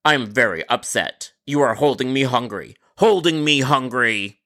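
A man voicing a pompous, indignant pizza customer who drags out his complaints slowly. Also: mid-range voice, expressive, sharp tone. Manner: slow, indignant, drawn-out.

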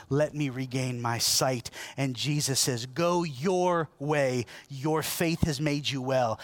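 A man preaching a sermon in a lively, conversational way, asking his congregation questions and swinging between loud, emphatic peaks and quiet, low lines. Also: dry recording. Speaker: pastor.

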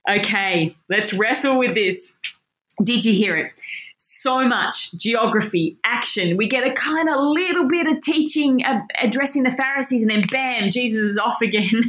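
A woman's voice: medium pitch, fairly bright tone. A woman reading scripture aloud, then explaining it in an enthusiastic, chatty way, often correcting herself mid-sentence. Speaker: Bible teacher. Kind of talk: informal Bible teaching.

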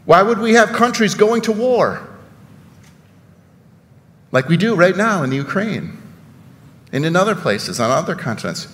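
A man's voice: a little high, lively intonation, normal speed, a bit bright, in a large hall. A man preaching a sermon in a church, conversational and full of rhetorical questions and sarcastic asides. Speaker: pastor.

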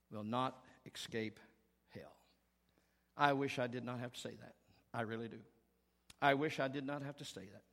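A man preaching a sermon as pastor, earnest and emphatic, rising to strong peaks and falling to hushed tones. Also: medium pitch. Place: church sanctuary. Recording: long reverb of a large hall.

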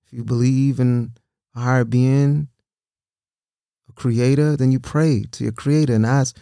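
A man's voice: mid-range voice, steady tone, unhurried, gravelly, long pauses, warm tone, clean tone, no room sound, clean studio sound. A man giving casual, earnest encouragement, often repeating himself and checking in with "right?".

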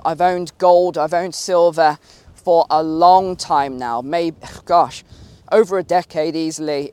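Hoarse man urgently vlogging on a walk. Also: on the high side. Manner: emphatic, urgent, rambling asides. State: losing his voice. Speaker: finance YouTuber. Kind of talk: walk-and-talk vlog commentary. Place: outdoors, walking.

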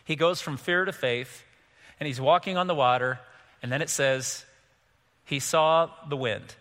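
A middle-aged pastor preaches with a bright, slightly raised voice, swinging from hushed asides to loud bursts as he acts out the scene. His voice rings with the long reverb of a large sanctuary. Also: on the high side, unhurried. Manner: animated, acts out quotes with big swings in loudness. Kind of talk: sermon.

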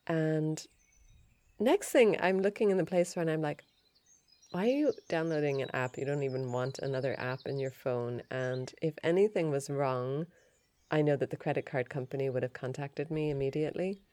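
A woman hosting a yoga and Ayurveda podcast, telling a story in a chatty, animated way. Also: sits low, moderate pace. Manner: chatty, animated retelling with laughs and restarts.

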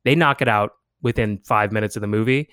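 A man's voice: on the low side, a little fast, smooth, no room sound, studio quality. A man casually chatting about movies on a podcast, laughing often, swearing freely and acting out lines in put-on voices. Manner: animated, laughing storyteller who acts out quotes. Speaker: podcast co-host.

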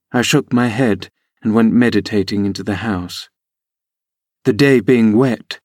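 A man narrating a classic novel as an audiobook reader, with a measured, steady reading. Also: lowish voice, no room sound, clean studio sound. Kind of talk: scripted narration.

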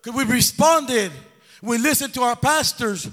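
Fiery male preacher with a very high, bright voice, call-and-response delivery, big echoing church hall. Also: measured pace. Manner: call-and-response exhortation, breaking into sing-song. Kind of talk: sermon. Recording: long echo of a big hall.

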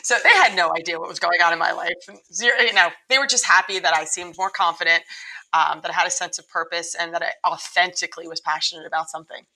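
A woman's voice: fairly low pitch, steady tone, quick pace, sharp tone, rough recording. A middle-aged woman, a lacrosse coach, telling her story earnestly in a podcast interview, with frequent restarts.

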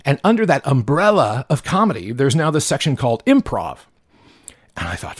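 A man's voice: mid-range voice, wildly swooping pitch, moderate pace, no echo, studio quality. A man hosting his own podcast, ranting in a profane, worked-up way with frequent stumbles and restarts. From Pacific Northwest of the US. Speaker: podcast host. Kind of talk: solo podcast monologue.

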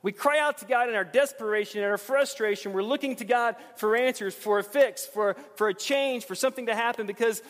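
A man in his thirties preaching a sermon as pastor, swinging between loud rising emphasis and quiet, low intensity. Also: brisk, few pauses, in a large hall.

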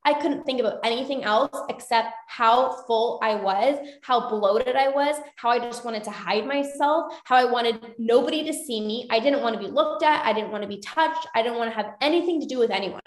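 A woman's voice: on the high side, normal speed, hardly any pauses. Woman, young adult, coach, motivational talk, earnest, repetitive emphasis, echoey room. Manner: earnest, repeats phrases for emphasis.

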